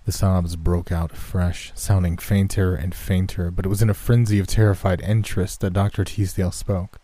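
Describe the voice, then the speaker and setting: A man reads a horror story aloud in a deep, very dark, husky voice. His pacing is slow and measured, and the recording is dry and close with no room sound. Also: flat delivery, dry recording. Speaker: narrator.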